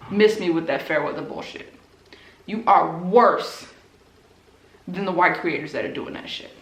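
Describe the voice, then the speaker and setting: A woman's voice: low-pitched, quick pace. A woman who makes book videos, angrily ranting straight at her viewers, blunt and profane and hammering her points through repetition. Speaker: BookTube creator. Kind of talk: angry direct-to-camera rant. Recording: roomy echo.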